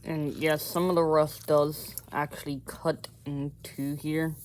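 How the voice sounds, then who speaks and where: A man's voice: a little high, flat delivery, takes it slowly, slight background noise. Man vlogger, loose and rambling, self-correcting, camera mic outdoors by a fire, faint ambience. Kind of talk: casual hands-on how-to vlog.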